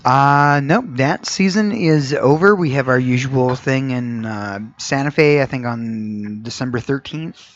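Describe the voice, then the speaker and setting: A man co-hosting a casual comedy talk show, excitably acting out reactions. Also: mid-range voice, a little slow, muffled recording. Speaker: podcast co-host.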